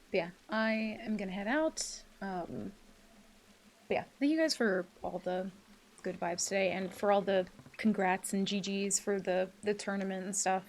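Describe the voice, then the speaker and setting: A woman streams a game live and talks casually to her viewers as she plays. She has a middle-pitched voice, laughs easily, swears freely, and there's a faint hum of noise behind her.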